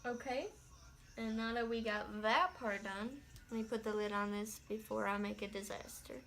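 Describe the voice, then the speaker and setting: A woman's voice: mid-range voice, steady tone, normal speed, fairly bright tone, faint music behind. A young woman vlogging a makeup tutorial in casual self-talk, with a light put-on country accent. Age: young adult. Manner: chatty, self-talking, with mild exclamations. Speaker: beauty vlogger. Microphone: phone camera.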